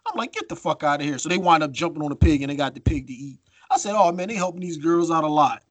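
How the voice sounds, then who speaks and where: A man's voice: a little high, quick pace, no echo. Profane storytelling man, dry mic. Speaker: podcast co-host. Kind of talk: casual podcast chat.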